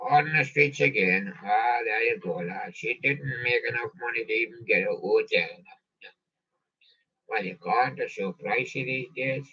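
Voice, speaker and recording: A man hosting a live stream, reading song lists slowly and cracking puns after each title. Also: mid-range voice, sharp tone, breathy edge, recorded from a distance. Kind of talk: rambling live-stream chat with jokey asides. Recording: dull lo-fi sound, off-mic.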